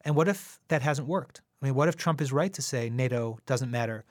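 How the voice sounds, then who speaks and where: A man co-hosts a podcast, teasing his guest wryly and then pressing probing questions. His voice sits at a middle pitch. The recording is dry and close, with no room sound. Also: brisk, no echo. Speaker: co-host. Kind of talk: podcast discussion.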